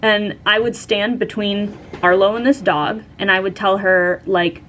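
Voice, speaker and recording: A woman's voice: medium pitch, steady tone, moderate pace, hardly any pauses, fairly bright tone, slight background noise. Chatty young woman telling a story. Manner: chatty, lots of "like" and "um". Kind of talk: casual storytime chat.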